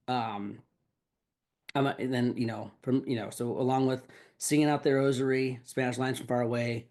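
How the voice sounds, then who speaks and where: A man's voice: medium pitch, darkish tone. A man hosting a podcast, talking casually and rambling, with lots of filler words and swearing. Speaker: podcast host. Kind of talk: casual song breakdown.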